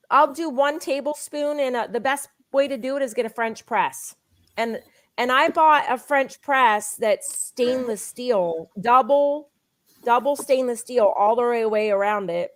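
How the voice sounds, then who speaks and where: A woman with a fairly high voice makes an eager, insistent sales pitch. She tells personal stories at a fast clip. The sound is dry and close. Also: fairly bright tone, no room sound. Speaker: guest, product promoter.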